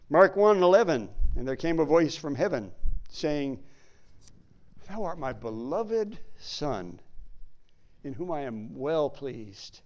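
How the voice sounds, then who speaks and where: Male preacher, higher voice, unhurried and emphatic delivery, reads old-style Bible verses. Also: very animated, a little mellow. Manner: emphatic, slows to stress key words; reads King James verses aloud. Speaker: Bible teacher. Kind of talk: sermon with scripture reading.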